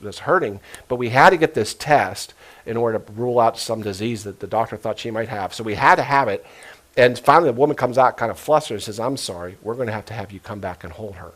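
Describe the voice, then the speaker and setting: A middle-aged man preaching a sermon as a pastor, telling stories earnestly and dropping to a hush for quoted voices. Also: mid-range voice. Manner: earnest storytelling, emotional retellings with hushed quoted voices.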